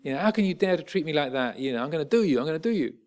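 A monk retelling the tale puts on a furious street man, his voice climbing well above his usual pitch. The figure hurls threat after threat in an enraged, repetitive burst. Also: big pitch swings, racing. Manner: furious, threatening, repeated shouts.

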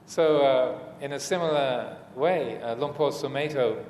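A man's voice: medium pitch, unhurried. Guy monk giving a dharma talk, lots of uhs and restarts, long hall echo, faint hum behind. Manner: hesitant, many fillers and restarts, gentle humor. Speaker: Buddhist monk teacher. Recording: echoey hall, faint room noise.

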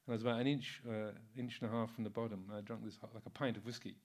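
Rapid-fire and lowish in voice, this man in his sixties is a Buddhist monk giving a casual Dharma talk. He tells relaxed anecdotes, filling them with fillers and frequent chuckles.

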